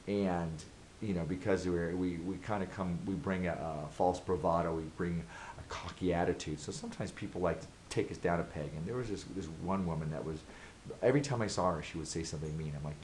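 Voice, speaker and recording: A man's voice: deep voice, darkish tone, a little hiss or hum, low-quality recording. A man vlogging advice straight to camera, earnest and emphatic, driving his points home with repeated rhetorical questions. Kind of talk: direct-to-camera advice monologue.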